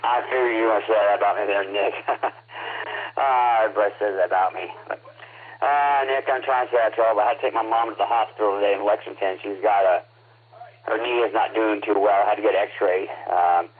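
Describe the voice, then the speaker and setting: A man's voice: fairly low pitch, steady tone, fairly quick. Rambling radio caller man. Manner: rambling, repeats himself. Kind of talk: ham radio check-in chat. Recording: tinny two-way radio with faint hiss.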